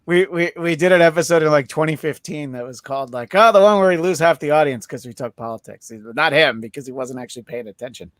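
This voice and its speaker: A man hosting a podcast in casual chat, rambling and joking with many filler pauses. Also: on the high side, a bit bright, dry recording, clean studio sound. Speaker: podcast host.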